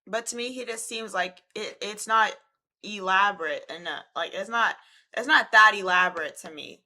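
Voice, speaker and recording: A woman's voice: mid-range voice, normal speed, sharp tone. A young woman giving casual, slangy reaction commentary as she talks back to a clip. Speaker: reaction video host.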